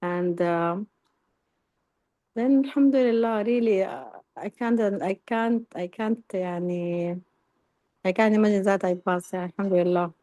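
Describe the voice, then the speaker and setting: A woman student on a video call, speaking haltingly with many fillers. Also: mid-range voice, warm tone, dry recording.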